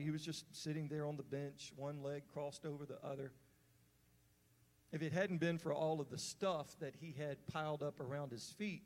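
Man, preacher, conversational sermon, restarts and fillers, slightly high voice. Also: a little mellow. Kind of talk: sermon storytelling. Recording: long hall reverb.

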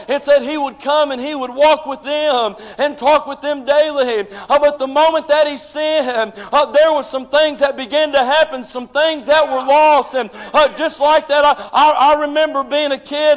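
A man preaching a sermon, telling folksy stories and building to shouted preaching. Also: extremely high pitch, big-room sound. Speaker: pastor. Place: church sanctuary.

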